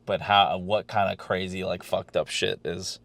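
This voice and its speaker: A man's voice: sits low, little pitch movement, moderate pace, gravelly, fairly bright tone, no room sound. A man co-hosting a podcast, chatting casually and rambling a bit, with fillers and the odd swear. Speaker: podcast co-host. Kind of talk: casual wrestling chat.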